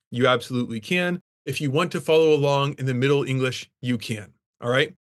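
A man's voice: fairly high pitch, a bit bright. Enthusiastic male English professor lecturing. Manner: enthusiastic, emphatic about the poetry. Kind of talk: classroom lecture.

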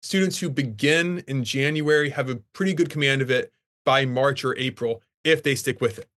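A man's voice: mid-range voice, moderate pace, a bit bright. A man lecturing as an English professor in a classroom, talking enthusiastically and with emphasis about poetry.

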